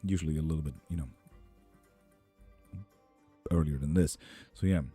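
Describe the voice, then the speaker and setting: Giving tarot readings on a live stream, a thirty-something man speaks in a bass voice with a steady, dark tone and a breathy edge, at a moderate pace. There's no room sound, just faint background music, and he stays laid-back, joking and chatting with viewers as he reads their comments out.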